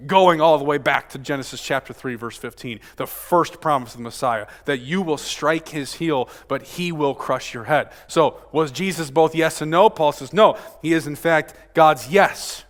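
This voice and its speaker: A man's voice: a little high, moderate pace, few pauses. Man preaching in a reverberant church. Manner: dramatic swings between loud emphasis and hushed near-murmur; frequent rhetorical "right?" tag questions. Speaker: pastor. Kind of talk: sermon. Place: church sanctuary. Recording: long reverb of a church sanctuary.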